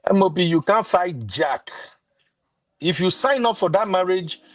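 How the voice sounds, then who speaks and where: A man's voice: high voice, animated, unhurried, dry recording. A man on a debate panel, blunt, cutting in to make his point. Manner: blunt, keeps interrupting with the host's name.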